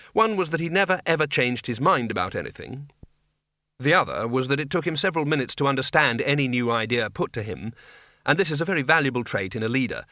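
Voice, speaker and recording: A man narrating an audiobook in a wry, measured storytelling manner. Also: mid-range voice, sharp tone, no echo, studio quality. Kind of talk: scripted narration.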